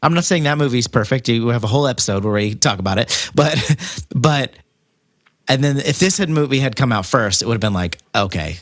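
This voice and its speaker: A man's voice: mid-range voice, animated, a little fast, no echo, clean studio sound. A man co-hosting a podcast in casual chat, rambling and restarting his sentences, cracking jokes as he goes. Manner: rambling, self-interrupting, jokey. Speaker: podcast co-host.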